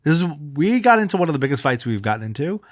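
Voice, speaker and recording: A man in his thirties co-hosting a podcast, telling a long story in casual chat, animated, swearing freely and acting out what people said. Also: a little high, racing, dry recording, clean studio sound. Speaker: podcast co-host.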